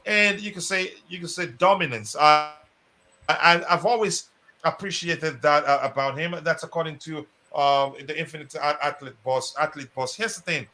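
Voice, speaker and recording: A man hosts a casual live football stream, his voice bright and fairly high. He rambles along with frequent fillers and restarts, keeping a relaxed, chatty flow. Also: normal speed. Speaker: host.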